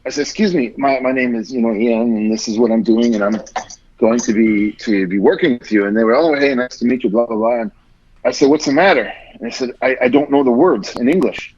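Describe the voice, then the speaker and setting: A man's voice: medium pitch, a little fast, darkish tone, dull audio. A man guest on a podcast telling a long story in casual talk, rambling and swearing often, acting out what others said. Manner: rambling, heavy swearing, acts out quotes.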